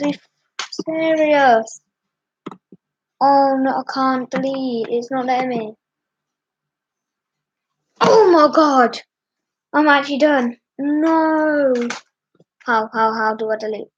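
Young female vlogger, husky and slow, panicky and apologetic, dull lo-fi audio. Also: sits high. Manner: panicked, apologetic, repeating words. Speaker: YouTuber. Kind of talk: distressed vlog commentary. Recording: dull lo-fi sound.

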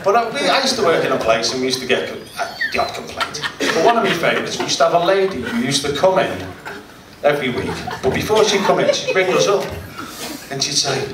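A man's voice: mid-range voice, animated, quick pace. A man, doing a live stand-up set in a hotel function room and joking with the crowd. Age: 40s. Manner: chatty, jokes with the crowd. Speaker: stand-up comedian. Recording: roomy distant live recording with loud noise.

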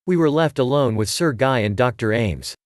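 Man, audiobook narrator, measured storytelling, mid pitch, dry close mic. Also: lively intonation, dry recording. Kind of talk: scripted narration.

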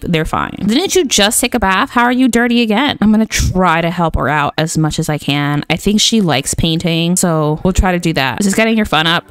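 A woman's voice: lowish voice, no room sound. A young woman casually commenting on her game, chatty and exasperated, talking to her characters. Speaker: gaming channel host.

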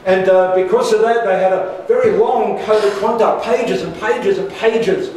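Preaching in a church hall, an older pastor shares a personal story with humour and asides to the congregation. His voice sits high with a darkish tone and normal speed, captured from far off in the echoey room with slight background noise.

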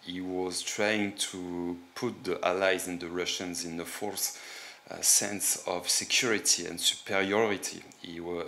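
A man from France with a French accent, giving casual commentary in a halting way with many fillers. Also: sits low, sharp tone, slight background noise. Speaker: reaction video host.

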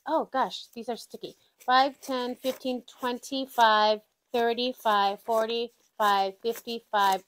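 A woman with a slightly high voice talks casually while counting cash at home. She is excitable and full of exclamations, with a faint hiss behind her. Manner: excitable, exclaims often, says "y'all". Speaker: budgeting vlogger.

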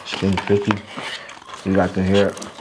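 Middle-aged man, very low voice, relaxed rambling mukbang host, faint background hum. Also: a little slow. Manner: relaxed, rambling, many fillers. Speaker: family vlog host. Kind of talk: casual mukbang chat.

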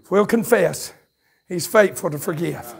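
A man with a Southern US accent preaching a revival sermon in a church, shouting his lines in a fiery way, with folksy turns of phrase, quick asides and chuckles. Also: sits high, vocal fry. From North Carolina, USA. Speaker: pastor. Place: church sanctuary at a campmeeting. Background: congregation calling out responses.

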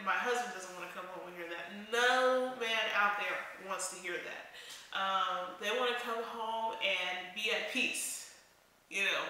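A woman's voice: medium pitch, bright, forceful tone. A young woman vlogger giving frank, preachy relationship advice straight to the camera. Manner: blunt, frank, preachy, laughs at herself. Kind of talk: casual opinionated monologue to camera. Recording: echoey room.

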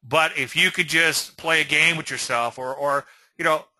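A man's voice: on the high side, normal speed, bright, forceful tone, no echo, rough recording. A man hosting an informal trading lecture, rambling through conversational asides and often checking in with "okay?". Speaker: trading educator and show host.

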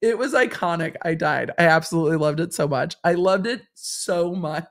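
A woman's voice: lowish voice, moderate pace. A woman in her forties from Los Angeles hosting a casual livestream, chatting and reading viewer comments, often repeating phrases for effect. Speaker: host and lawyer commentator.

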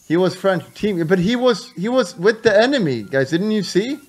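A man streaming a war game, bantering and swearing with teammates over voice chat, shouting mock officer commands. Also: sits high, expressive, moderate pace, hardly any pauses, slight background noise. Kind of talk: casual gaming banter with voice chat.

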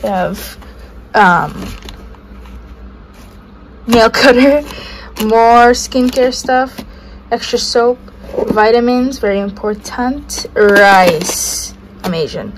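Young woman, casual room-tour vlog, slow unhurried listing, noticeable background noise. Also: fairly high pitch, poor audio. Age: young adult. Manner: listing items in a relaxed, offhand way. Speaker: vlogger. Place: dorm room.

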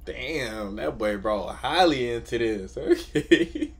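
A man's voice: medium pitch, animated, slow pace. A man reacting as co-host in a casual chat, full of hyped interjections.

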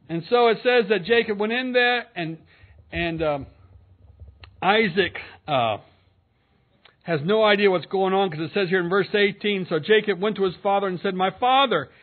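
Male pastor, earnest expository sermon, high-pitched, thin telephone-line quality. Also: lively intonation, normal speed, long pauses. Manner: earnest, reads scripture aloud and comments between verses. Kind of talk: expository sermon with scripture reading. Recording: narrow phone-like sound.

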